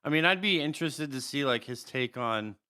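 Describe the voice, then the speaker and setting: A man's voice: medium pitch, expressive, a little fast, sharp tone, clear, resonant tone. A man co-hosting a podcast in casual chat, hesitant and repeating his words. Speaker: podcast co-host.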